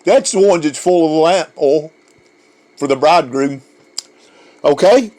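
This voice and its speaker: Fervent, high-voiced male preacher. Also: animated, unhurried, a little mellow. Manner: fervent, emotional, repeats words and restarts. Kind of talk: preaching a sermon.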